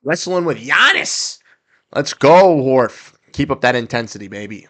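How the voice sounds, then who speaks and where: A young man hosting a casual livestream watch-along, reacting to plays and talking with his chat in quick, excitable bursts. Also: medium pitch. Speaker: livestream host. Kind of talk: casual live game commentary.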